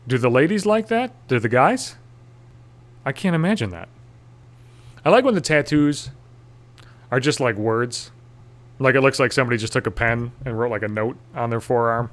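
A man's voice: mid-range voice, lively intonation, moderate pace, pauses often. A man talks through a loose comedic monologue in a mid-range voice, cursing constantly. He rambles anxiously and mocks himself, often tripping over and restarting his sentences. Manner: profane, self-deprecating, anxious rambling with restarts.

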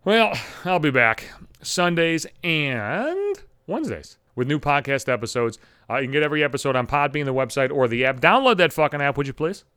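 A man hosting a solo podcast, telling a rambling, heavily profane story in an animated way. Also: on the high side, clean tone, dry recording, studio quality. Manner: rambling, heavy swearing, animated retelling. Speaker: podcast host.

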